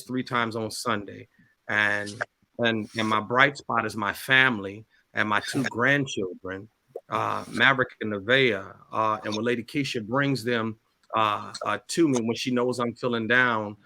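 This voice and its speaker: A middle-aged man with a bright, forceful voice speaks about loss as a talk-show guest. He pauses often and repeats words, his speech halting. His pitch sits in the middle range. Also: vocal fry, a little hiss or hum. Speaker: pastor and guest. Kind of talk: emotional talk-show testimony.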